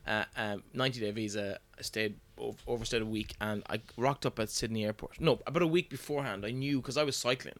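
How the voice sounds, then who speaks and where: Irish male host, lowish voice, relaxed storyteller. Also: fast talker, few pauses. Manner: chatty, laid-back anecdotes. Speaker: podcast host. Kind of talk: casual conversational interview.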